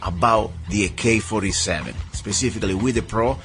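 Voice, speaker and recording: A man hosting a talk radio show, lively and joking, quick to laugh with his guest. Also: on the low side, music in the background. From outside the United States.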